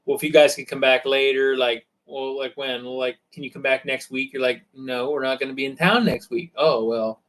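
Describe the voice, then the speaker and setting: A man's voice: mid-range voice, fairly quick, hardly any pauses, low-quality recording. A man co-hosting a casual chat, retelling stories and acting out what other people said. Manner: animated, acts out other people's lines. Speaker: co-host.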